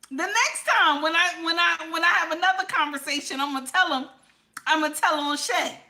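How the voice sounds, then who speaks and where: A woman's voice: very high-pitched, brisk. A woman, host of a casual livestream who reads chat comments aloud and teases her viewers. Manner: animated, teasing, talks straight to chat viewers.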